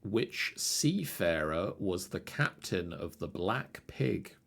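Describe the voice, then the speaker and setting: Male quiz host, low and gravelly, relaxed, repeats each question. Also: slow. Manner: easygoing, laughs along, reads questions twice. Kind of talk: live online quiz hosting.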